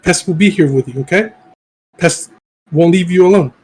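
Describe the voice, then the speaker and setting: Man playing an earnest fumbling adventurer who talks about himself in third person, kinda husky, voice sits a bit high. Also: normal speed, darkish tone, rough recording. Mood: soothing. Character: clumsy, earnest male adventurer comforting a friend.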